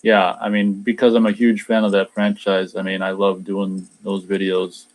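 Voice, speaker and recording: Male host, lowish voice, casual and rambling, reads chat comments and restarts his sentences a lot. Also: completely flat delivery, moderate pace. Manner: rambling, repeats words when starting sentences; tries a mock Australian accent in a few short bits. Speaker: radio show host reading live chat.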